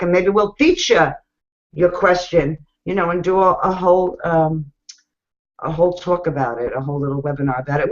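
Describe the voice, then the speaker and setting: A woman hosting an online business webinar, talking casually and bluntly as she coaches viewers directly. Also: lowish voice. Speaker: webinar host. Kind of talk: casual motivational talk. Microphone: video call. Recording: muffled video call audio.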